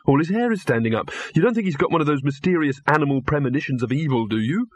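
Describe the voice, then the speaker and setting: A man's voice: on the high side, animated, fast, pitched above the performer's own voice. A man voicing an earnest, nervous young man who keeps asking uneasy questions.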